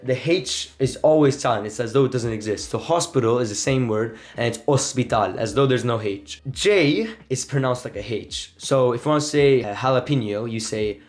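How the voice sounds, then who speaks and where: A man's voice: medium pitch, moderate pace, hardly any pauses. A man giving a casual spoken lesson on pronunciation, explaining loosely with many fillers and acting out vowel sounds. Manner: demonstrates vowels with exaggerated sounds and laughs. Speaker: Spanish teacher.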